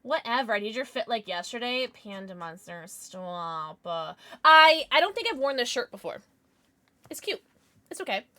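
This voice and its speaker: A woman live streamer chatting casually with her viewers, chatty and quick to swear. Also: a little high. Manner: chatty, lively, swears freely.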